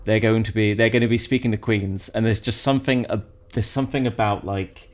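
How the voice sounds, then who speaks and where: A man from Britain chatting as a podcast co-host in a slightly low voice. He gets animated and rambling, tripping over and restarting his sentences as he goes. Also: brisk. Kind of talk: casual chat.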